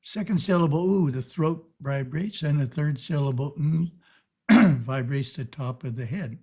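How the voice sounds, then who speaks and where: A man giving a calm, measured spiritual teaching talk over a video call. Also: fairly high pitch, breathy edge.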